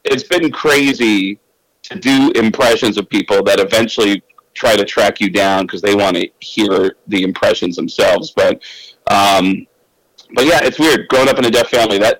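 Swearing, fast-talking male comedian. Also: lowish voice, no echo, poor audio. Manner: loose, swearing, quick storyteller with laughs. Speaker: comedian guest. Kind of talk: casual anecdote telling.

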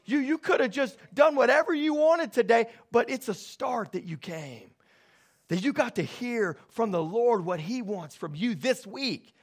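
High-voiced pastor preaching with animated energy. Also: male voice, measured pace. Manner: animated storytelling, grows loud and excited. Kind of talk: sermon.

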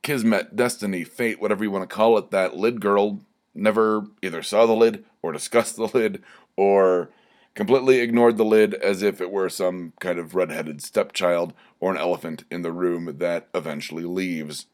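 A man's voice: deep voice, moderate pace, a little mellow. A young man hosting a podcast, telling a rambling personal story in a self-deprecating, digressive way with many restarts.

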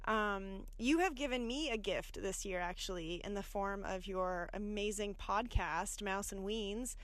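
A woman records a gushing, chatty birthday voice message while in her car. She sounds enthusiastic, and the recording is dry and close, at a middling pitch. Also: a little slow, a bit bright, dry recording. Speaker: listener sending a birthday message.

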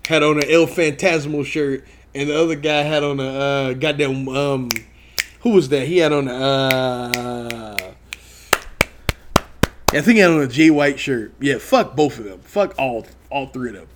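A man casually recounting a trip in a profane, excitable rant, peppered with "you know what I mean.". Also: mid-range voice, a little slow, noisy background.

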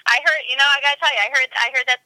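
A woman chatting as a podcast guest about racing, animated and quick to laugh. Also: high-pitched, dry recording, poor audio. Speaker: guest, obstacle racer. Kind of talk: casual chat.

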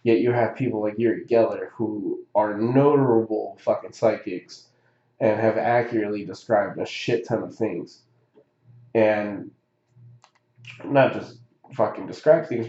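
A man's voice: on the low side, moderate pace, reverberant, lo-fi sound. A man telling a story in a casual chat, rambling and swearing, with many fillers and restarts. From Southern California.

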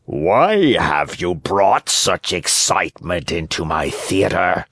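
A gruff, slow-talking giant of a theater director rumbles out his threats from a storybook, as a man puts him on. His voice sits very low and sounds like an ogre with a cold, in a dry, close recording. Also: sing-song, a bit bright, dry recording, heavily acted. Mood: menacing. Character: huge fearsome male theater director, ogre-like. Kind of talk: audiobook reading.

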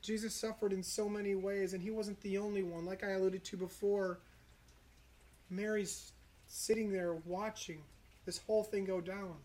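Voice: medium pitch, fairly even intonation, a little mellow. Earnest, reflective preacher in a sermon. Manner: earnest, reflective, slows for emphasis. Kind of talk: sermon on the crucifixion, citing scripture.

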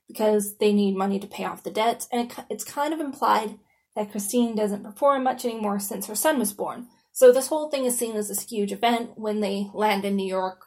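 A woman's voice: medium pitch, a little mellow. A woman hosting a podcast in a casual solo monologue. She talks in a chatty, informal way, with lots of "you know" and "like", and swears freely. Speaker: podcast host.

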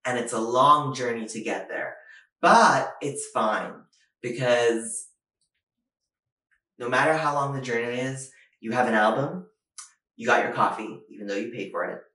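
Animated young man doing stand-up in an echoey room. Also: mid-range voice, measured pace, distant mic. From Asia. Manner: animated, self-mocking, acts out quotes in raised voices. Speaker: stand-up comedian. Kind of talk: stand-up comedy monologue.

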